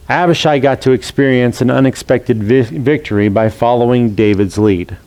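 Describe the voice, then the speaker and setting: A man preaching a sermon who retells a scripture story and acts out its characters' voices in a lively way. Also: mid-range voice, normal speed, few pauses. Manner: storytelling, acting out quoted voices. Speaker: pastor.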